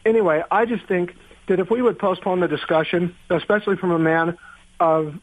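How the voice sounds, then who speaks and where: A man's voice: high-pitched, fairly even intonation, a little fast, no room sound. A man from Oregon calling into a radio show, earnest and polite, on a speakerphone line. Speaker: caller. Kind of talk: phone-in call. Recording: tinny phone line on speakerphone.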